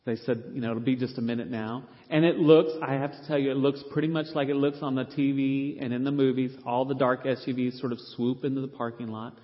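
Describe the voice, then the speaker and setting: A middle-aged man, a pastor, telling an animated, self-deprecating story from the pulpit and acting out the people he quotes. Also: mid-range voice, brisk, few pauses. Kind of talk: storytelling sermon. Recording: reverberant hall, dull lo-fi sound.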